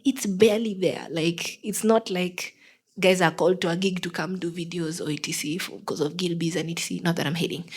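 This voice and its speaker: Young Kenyan woman, guest singer. Relaxed interview chat in a Kenyan accent, animated and expressive, acts out the people in her stories. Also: lowish voice, fairly quick, breathy edge, rough recording. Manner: lively storyteller who acts out the people she quotes.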